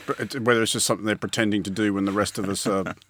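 A man's voice: fairly low pitch, fairly even intonation, racing, a bit bright. A man co-presenting on the radio, joking playfully in casual banter.

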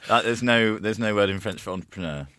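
A man's voice: on the low side, fast, pushed and bright, no echo. A man presenting on the radio, in wry, casual studio banter.

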